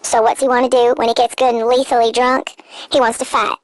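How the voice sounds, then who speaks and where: A woman's voice: on the high side, little pitch movement, brisk, no echo, rough recording. A woman narrating a scripted commentary in a sarcastic, mocking tone, full of dramatic rhetorical questions. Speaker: commentary channel host.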